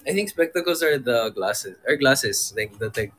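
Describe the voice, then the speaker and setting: A man's voice: mid-range voice, expressive, moderate pace, fairly bright tone, a little hiss or hum, rough recording. A man co-hosting a livestream, chatting casually and mixing in Tagalog words as he thanks viewers. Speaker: livestream co-host.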